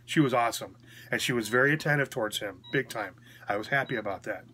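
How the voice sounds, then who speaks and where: Man, mid-pitched voice, casual rambling story, blunt and chatty, just out of hospital. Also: fast, sharp tone, a little hiss or hum. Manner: rambling and frank, checking in with 'okay?'. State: recovering after a hospital stay. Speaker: vlogger.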